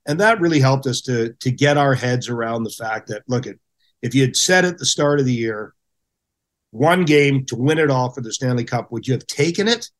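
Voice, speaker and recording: A man's voice: medium pitch, normal speed. A middle-aged man, a former hockey goaltender, telling stories as a podcast guest and acting out the people he quotes. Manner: animated storyteller who acts out quotes. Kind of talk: casual storytelling.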